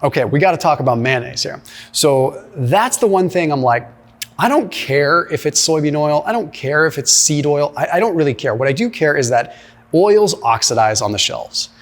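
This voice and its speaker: A man's voice: on the high side, lively intonation, normal speed. Emphatic man explaining nutrition. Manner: emphatic, explanatory, peppers speech with "right?" and "like". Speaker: nutrition commentator. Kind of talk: commentary reacting to a clip.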